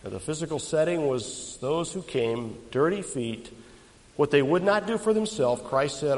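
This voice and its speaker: A male preacher with a high, animated voice that rises and falls dramatically. He speaks emphatically and tosses questions out to the congregation. His words ring out with the long reverb of a large church. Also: normal speed. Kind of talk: expository sermon.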